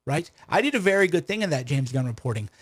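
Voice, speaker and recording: This livestream host and commentator talks fast and very animatedly in a somewhat high, slightly rough voice. Combative in tone, he fires off rhetorical questions and frequently restarts.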